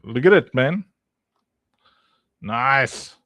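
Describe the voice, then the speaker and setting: A man's voice: medium pitch, lively intonation, drawn-out words, sharp tone, no room sound, clean studio sound. A man streaming while playtesting his own game, chatty and teasing, talking to viewers by name. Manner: chatty, teasing, laughs often, talks to chat by name. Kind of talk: casual livestream chat while playtesting.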